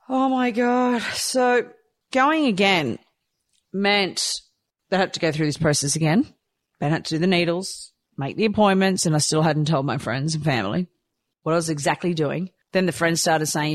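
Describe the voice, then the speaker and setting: Animated woman, dry close sound. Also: on the low side, normal speed, no echo. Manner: animated, acts out her own quoted thoughts. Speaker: storyteller sharing a personal experience. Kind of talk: candid personal storytelling.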